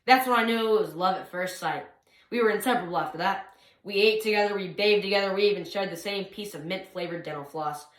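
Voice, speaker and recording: Young female speech competitor, animated comic storyteller, middle voice, roomy echo. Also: mid-range voice, quick pace. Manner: animated, swings from loud to hushed. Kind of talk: comic monologue performance.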